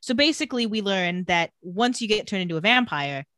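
A woman talks through a TV episode in easy conversational recap, voicing the characters' lines as she goes and leaning on "like" constantly. Her voice sits at a middle pitch and sounds close and dry. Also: animated, brisk, a bit bright, no echo. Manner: retells scenes with quoted lines, says "like" often. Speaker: podcast co-host recapping a TV episode. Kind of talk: casual chat.

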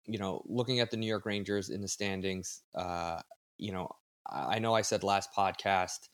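A man's voice: low-pitched, steady tone, moderate pace, no echo, studio quality. A man co-hosting a casual sports podcast, talking in a loose conversational way with asides. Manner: conversational, many restarts and asides. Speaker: podcast co-host.

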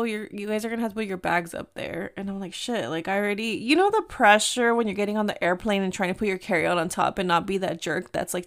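A woman in her thirties with a Mexican-American accent, hosting a podcast and telling a travel story in a chatty, animated way, slipping into Spanish now and then. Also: medium pitch. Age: 30s. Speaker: podcast host. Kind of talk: casual storytelling chat.

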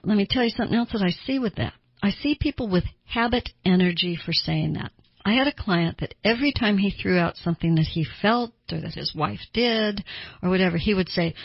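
Middle-aged woman therapist, husky and lower-pitched, teaching in a dry room on a dull lo-fi recording. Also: no room sound. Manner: conversational, acts out quoted people. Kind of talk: teaching talk. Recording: dull lo-fi sound.

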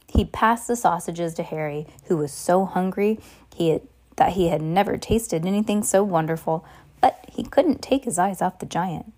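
A woman's voice: lowish voice, moderate pace, darkish tone. A woman reading a novel aloud in an unpolished way, with slips and asides to a listener. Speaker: reader.

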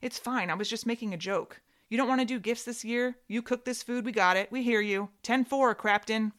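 Brash, mocking grown sister with a loud, raised voice, read by a woman narrator. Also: fairly quick. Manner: sarcastic, shrill when angry.

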